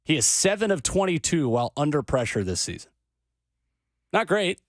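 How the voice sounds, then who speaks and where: A man co-hosting a morning sports radio show, playful and quick to laugh, reading stats in a studio. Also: on the high side, big pitch swings, no echo. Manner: playful, laughs often, slips into joke accents. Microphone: studio microphone.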